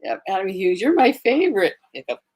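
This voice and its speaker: A woman's voice: mid-range voice, very animated, fairly quick, a little mellow, husky. A woman co-hosting a livestream, chiming in with brief casual asides. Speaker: co-host. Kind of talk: casual chat.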